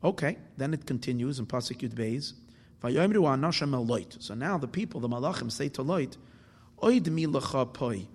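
A man teaches a Torah lesson in a husky, somewhat breathy voice. He poses questions and answers them himself, mixing Hebrew terms into his English. The sound carries a long reverb tail, as if recorded in a large hall. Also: mid-range voice, lively intonation, normal speed. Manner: explanatory, asks and answers his own questions; mixes Hebrew terms into English, with restarts and fillers. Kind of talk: Torah class explaining verses.

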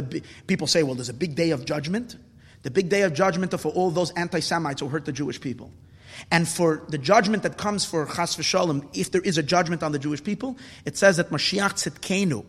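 A man giving an impassioned Torah talk as a rabbi, building at times to indignant shouts. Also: high voice, in a large hall.

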